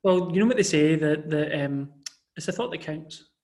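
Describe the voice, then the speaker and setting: Lively man telling stories. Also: fairly high pitch, normal speed. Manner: animated storytelling with frequent restarts. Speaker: podcast co-host. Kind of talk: casual chat. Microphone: video call.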